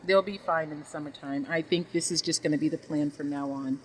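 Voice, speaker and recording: A woman's voice: low voice, steady tone, brisk, slight background noise, rough recording. A woman vlogging a casual tour of her greenhouse, gushing affectionately and talking to her plants as she walks around with a handheld phone.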